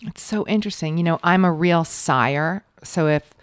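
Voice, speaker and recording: A woman in her forties hosting a casual conversation, speaking softly and reflectively as she thinks aloud. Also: lowish voice, moderate pace, no echo, studio quality. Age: 40s. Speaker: podcast host.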